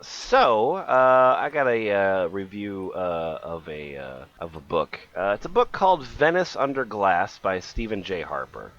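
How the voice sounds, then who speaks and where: A man's voice: on the low side, sing-song, a little slow, hardly any pauses, a bit bright, dull audio. A man co-hosting a comedy podcast, reading a review aloud with frequent ums and uhs. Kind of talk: casual comedy podcast banter.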